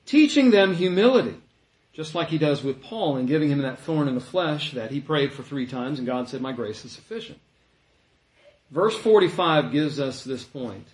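A man preaching a sermon in an animated way, acting out the voices he quotes. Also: a little high, normal speed. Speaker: pastor. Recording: echoey room.

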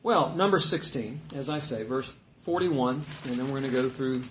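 A man preaching a sermon in a conversational way, with joking asides and animated emphasis. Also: mid-range voice, moderate pace, slight background noise. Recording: echoey room.

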